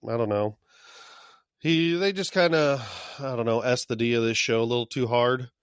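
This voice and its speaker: A man's voice: mid-range voice, moderate pace, clean tone, no echo, clean studio sound. A man co-hosting a podcast in casual chat, loose and profane, often laughing. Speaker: podcast co-host.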